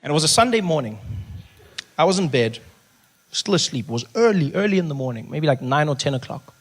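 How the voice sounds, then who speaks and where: A South African man doing stand-up comedy, telling stories with animated delivery and slipping into voices. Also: fairly high pitch, brisk, a little hiss or hum.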